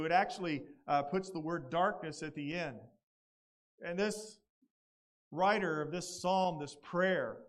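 A man's voice: high-pitched, fairly bright tone. A male pastor, preaching a sermon in an earnest, conversational way and reading scripture dramatically.

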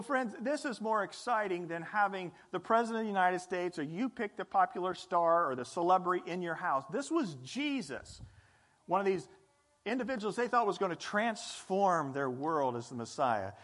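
Animated high-voiced male pastor preaching. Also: moderate pace. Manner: animated, conversational preaching that acts out scenes. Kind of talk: sermon.

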